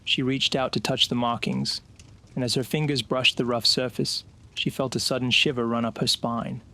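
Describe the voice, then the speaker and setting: A man narrating a scripted horror story in a slow, suspenseful way. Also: medium pitch, level tone, pushed and bright.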